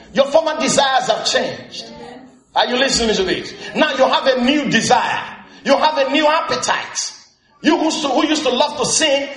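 A preacher with a very high voice delivers a lively sermon, his pitch leaping up and down as he keeps asking the congregation whether they are with him. He often rises into shouted emphasis. His voice rings around a roomy church hall. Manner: lively preaching with frequent call-and-response questions to the congregation; frequent bursts of shouted emphasis. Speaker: pastor.

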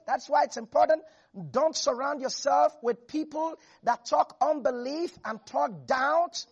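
A high, husky voice carries this preacher's sermon. The delivery is emphatic, with lines repeated for weight and frequent little chuckles. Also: lo-fi sound.

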